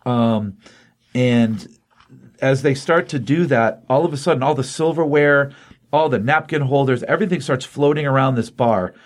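A man at an ordinary pitch walks through a comic book issue in casual podcast talk. He quotes each character in his own unchanged voice and fills the gaps with ums and uhs. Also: normal speed. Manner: retells scenes quoting characters in a flat voice, many ums.

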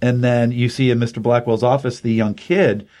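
A man in his fifties hosting a show, casually recapping a comic with lots of fillers and animated storytelling. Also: medium pitch, moderate pace. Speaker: podcast host.

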